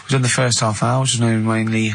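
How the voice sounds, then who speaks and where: A man's voice: medium pitch, flat delivery, quick pace, creaky. A middle-aged man hosting a radio show in a studio, chatting casually in a giggly, playful, teasing manner. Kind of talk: casual comic radio chat. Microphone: studio microphone.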